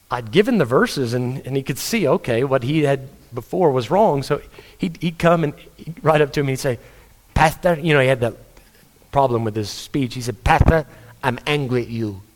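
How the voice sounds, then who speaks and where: Casting: male pastor, mid-pitched voice, earnest conversational sermon delivery, storytelling.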